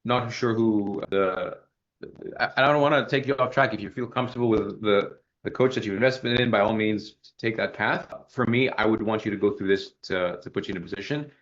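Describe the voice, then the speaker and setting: Fast-talking male sales coach, lo-fi. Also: fairly low pitch, a little hiss or hum. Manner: fast, animated, acts out sample questions. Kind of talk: casual coaching feedback.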